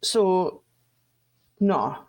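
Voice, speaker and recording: Animated woman chatting as a podcast guest. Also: lowish voice, drawn-out words. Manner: animated, expressive with lots of "like". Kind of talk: casual podcast chat.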